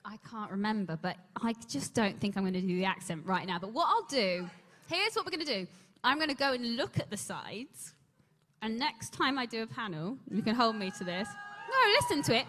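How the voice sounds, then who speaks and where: A woman's voice: a little high, lively intonation, moderate pace, fairly bright tone. A woman on a convention panel telling a long story, rambling and breaking off mid-sentence as she talks. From England. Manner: rambling, self-interrupting storyteller. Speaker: panel guest actor. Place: large convention hall. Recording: long hall reverb.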